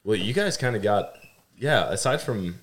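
A man's voice: lowish voice, lively intonation, normal speed, a bit bright. A young adult man hosting a podcast, chatting upbeat and telling stories to his relatives. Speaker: podcast host. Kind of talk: casual conversational interview.

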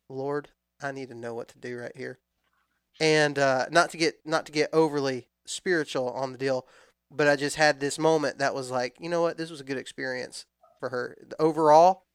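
A man in his thirties telling a long hunting story in a relaxed, rambling way with frequent restarts. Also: on the high side, smooth, no room sound, clean studio sound. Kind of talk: casual storytelling chat.

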